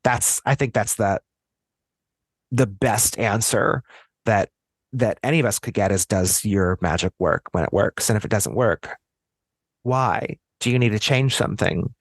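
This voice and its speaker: A man's voice: on the low side, a little slow, breathy edge, no echo, studio quality. An American man speaking as a podcast guest in a casual discussion. He thinks aloud, chats freely and often restarts his sentences.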